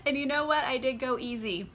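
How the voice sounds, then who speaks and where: A young woman with a bright, forceful voice pitched a bit high talks casually over a glass of wine. She is chatty and sarcastic, and scatters "like" through every sentence. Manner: chatty and sarcastic, heavy use of "like"; drinking wine while talking. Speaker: book vlogger. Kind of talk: casual chat.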